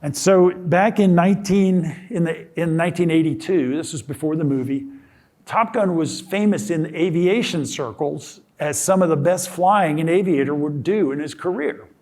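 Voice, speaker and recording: An older man talks to an audience in a lecture hall. His voice sits a little high for a man. He tells his story casually and with self-amusement, stumbling and restarting and acting out what others said. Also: normal speed, a little mellow. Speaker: guest speaker. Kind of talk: storytelling talk.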